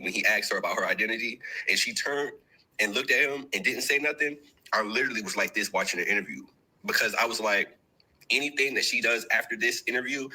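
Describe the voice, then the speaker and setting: A man's voice: lowish voice, sharp tone, slightly rough, low-quality recording. A man from the United States telling a story in a chatty opinion clip, addressing the listener directly.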